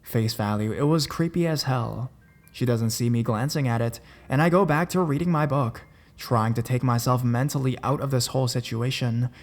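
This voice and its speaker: Man, horror story narrator, measured and deliberate, mid-pitched voice, faint music behind. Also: darkish tone.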